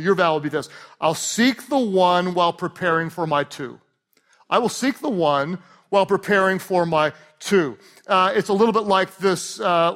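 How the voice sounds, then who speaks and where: High-voiced animated male pastor preaching. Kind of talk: sermon.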